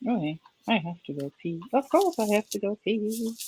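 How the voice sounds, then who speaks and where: A woman's voice: mid-range voice, lively intonation, moderate pace, warm tone, breathy edge, rough recording. A woman in her fifties, a guest on a crafting livestream, chatting casually in a hesitant way and often repeating words as she thinks. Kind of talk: casual chat.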